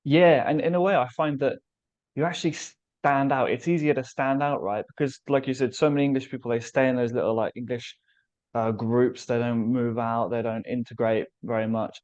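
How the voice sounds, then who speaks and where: A man's voice: medium pitch, steady tone, moderate pace, a little mellow. Enthusiastic man hosting, lo-fi audio. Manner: enthusiastic, uses "like" and "right?". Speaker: interview host. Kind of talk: casual interview talk.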